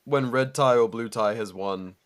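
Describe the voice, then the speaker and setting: A man's voice: medium pitch, moderate pace, clear, resonant tone. Laid-back swearing man chatting. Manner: laid-back, swears a lot, frequent fillers and laughs. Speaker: podcast co-host. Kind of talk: casual chat.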